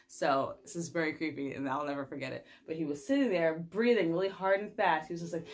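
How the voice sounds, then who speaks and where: A young woman vlogger telling a personal story in a casual, animated way, laughing often and using lots of fillers. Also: fairly low pitch.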